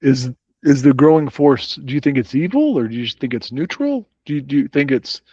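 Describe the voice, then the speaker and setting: A man's voice: mid-range voice, expressive, a little fast, darkish tone, slightly rough, no echo, highs cut off. A man playing in a tabletop game, easygoing and asking questions in character. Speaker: player.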